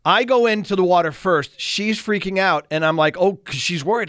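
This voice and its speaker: A man in his sixties, a radio co-host, telling a self-mocking story in casual, animated chat. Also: high-pitched, normal speed, few pauses, no echo, clean studio sound.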